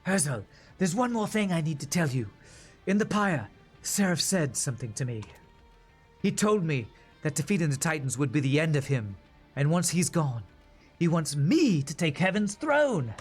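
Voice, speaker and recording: A man's voice: a little high, very animated, moderate pace, slightly rough, soft background music. A man voicing an anxious young female demon ruler from a video game, unsure whether she should take a throne. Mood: worried. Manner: uncertain, questioning.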